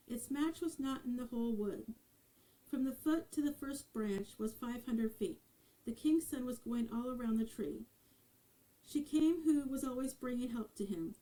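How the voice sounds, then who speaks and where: A woman storyteller narrating a fairy tale in a measured, expressive reading. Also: a little high, low-quality recording.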